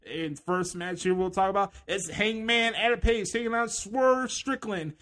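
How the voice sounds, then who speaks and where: A man doing a mock impression of a hyped-up male wrestling TV announcer who plugs upcoming matches in a booming promo delivery. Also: a little slow, fairly bright tone.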